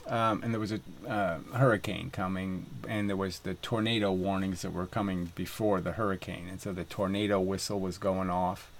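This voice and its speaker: A man's voice: low-pitched, steady tone, normal speed, few pauses. A man vlogging in a rambling, profane monologue full of fillers and laughing asides, recorded by a camera mic outdoors on a windy day by the water.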